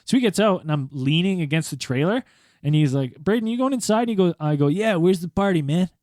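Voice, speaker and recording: A man's voice: a little high, expressive, fairly quick, darkish tone, no room sound, clean studio sound. A man in his thirties, a podcast host telling a story in casual chat, acting out the quoted voices and laughing often.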